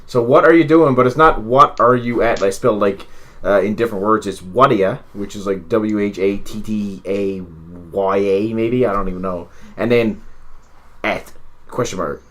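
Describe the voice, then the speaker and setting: A man's voice: lowish voice, moderate pace. Rambling Newfoundland man, profane and jokey. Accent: Newfoundland English. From Newfoundland, Canada. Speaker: podcast co-host. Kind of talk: casual wrestling podcast chat.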